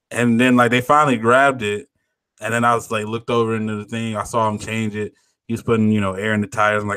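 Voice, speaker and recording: A man's voice: medium pitch, quick pace, pushed and bright, no echo. A young man on a podcast, casually telling a story with lots of slang and swearing. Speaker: podcast co-host. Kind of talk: casual chat.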